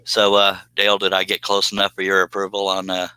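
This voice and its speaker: A man's voice: deep voice, completely flat delivery, brisk, sharp tone, smooth, low-quality recording. A middle-aged man chatting casually on a live stream, rambling in a folksy way and laughing often.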